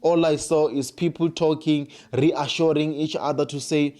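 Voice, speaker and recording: This South African man speaks at normal speed with a fairly high, slightly mellow voice, fairly even intonation and hardly any pauses. In an opinion monologue to camera, he delivers emphatic political commentary loaded with rhetorical questions and repeated phrases.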